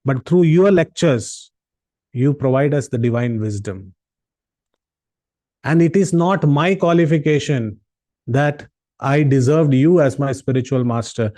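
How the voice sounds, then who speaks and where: A man's voice: medium pitch, unhurried, pauses often, warm tone, no room sound. A man giving a devotional lecture on an online call, telling stories in an earnest way. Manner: earnest storytelling. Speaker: devotional class speaker.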